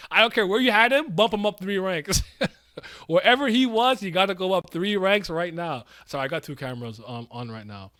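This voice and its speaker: Excitable young man on a reaction stream. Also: high voice, moderate pace, no room sound, clean studio sound. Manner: excitable, profane slang, laughs often. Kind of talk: live reaction stream, reading a comic aloud.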